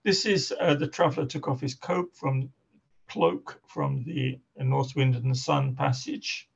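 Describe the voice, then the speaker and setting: A male lecturer talks through a seminar in a deeply gravelly, husky voice, stopping often on fillers and restarting his sentences. The recording is muffled and lo-fi. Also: steady tone, unhurried. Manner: hesitant, many fillers and restarts. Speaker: linguistics lecturer. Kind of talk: academic seminar talk.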